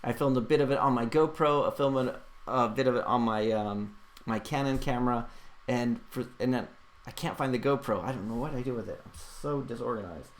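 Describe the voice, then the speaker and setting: A man's voice: medium pitch, brisk. A man hosting a casual livestream, reading out chat questions and answering them in a rambling way, with lots of fillers and restarts.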